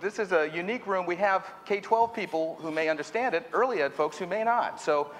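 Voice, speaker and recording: A man's voice: sits high, brisk, a bit bright. A man moderating a conference panel, introducing speakers in a chatty, joking way with fillers and restarts. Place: conference hall. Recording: reverberant hall, faint noise.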